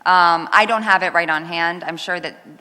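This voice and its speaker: A woman official answers questions at a council hearing in a low, bright voice. She is measured and hesitant, with frequent ums. The sound carries a long reverb from a council chamber. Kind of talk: formal testimony answering questions.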